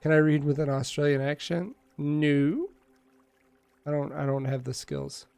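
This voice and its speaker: A man's voice: fairly high pitch, fairly even intonation, a little slow, gravelly, a little mellow, smooth, no room sound. A man streaming a game, casually reading its dialogue aloud and joking with viewers between lines, on a close desk mic at home. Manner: casual, joking, reads text aloud with asides.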